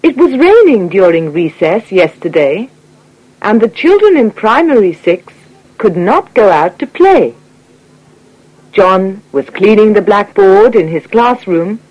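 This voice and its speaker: A woman reading an English coursebook unit aloud in clear, scripted narration. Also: mid-range voice, muffled recording. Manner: clear, measured reading with lively intonation. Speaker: textbook audio reader.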